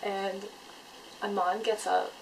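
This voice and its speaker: A woman recounts a fan event in a casual vlog. She is excitable and chatty, with her sentences packed with "like" and breathless detours. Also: medium pitch, takes it slowly, a little hiss or hum, poor audio. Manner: excitable, chatty, many "like" fillers.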